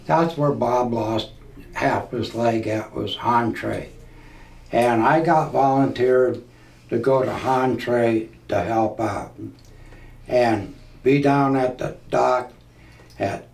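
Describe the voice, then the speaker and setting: A man's voice: medium pitch, a little mellow. A man in his seventies from Nebraska, a veteran telling stories in a folksy way for an oral history interview. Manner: slow, folksy storytelling. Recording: roomy, distant mic, faint hiss.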